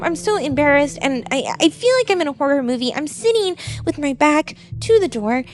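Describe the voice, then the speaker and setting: A woman VTuber telling a true story in a casual, animated way, acting out what people said. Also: sits high, brisk, hardly any pauses, faint music behind. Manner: animated, expressive retelling with quoted dialogue.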